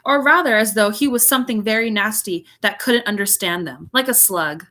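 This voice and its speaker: Over a video call, a woman teacher reads a story aloud to her class, often stopping to chat and explain. Her medium-pitched voice sounds pushed and bright.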